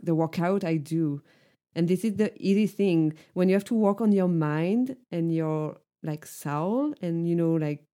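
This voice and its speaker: This podcast co-host has a low voice with a warm tone. Chatting casually but earnestly, she keeps dropping "like" into her sentences.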